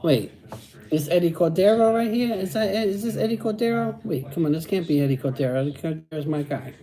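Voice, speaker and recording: A man's voice: high-pitched, expressive, a little fast, dark tone. A middle-aged man chatting casually on a livestream, using street slang and repeating phrases. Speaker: host reading live chat.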